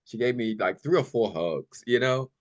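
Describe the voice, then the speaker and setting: A man, a podcast guest, telling stories in a casual, animated way, often filling in with "you know" and "like", and laughing easily. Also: mid-range voice, normal speed. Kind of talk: casual storytelling chat.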